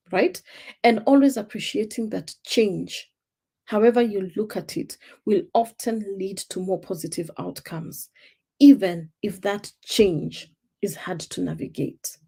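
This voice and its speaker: A Kenyan woman coaching her viewers on a live stream with an emphatic delivery, circling back to her key points. Her voice is warm and dark, with a husky grain and a gravelly edge. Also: mid-range voice. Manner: emphatic, repeats key points, acts out quoted speech. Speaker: life purpose coach. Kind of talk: motivational live stream talk.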